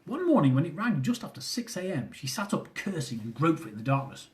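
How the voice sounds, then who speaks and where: Brief: male author reading his funny memoir, high-ish voice, very expressive. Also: fast talker. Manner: comic, animated storytelling.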